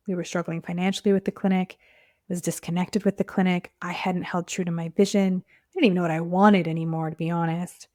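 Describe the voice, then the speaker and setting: A woman's voice: lowish voice, flat delivery, a little fast, a little mellow, dry recording, clean studio sound. A woman hosting a personal podcast, telling her story in a heartfelt, casual way and often dropping to a near whisper. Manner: casual, frequent "like" fillers. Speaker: podcast host and clinic owner.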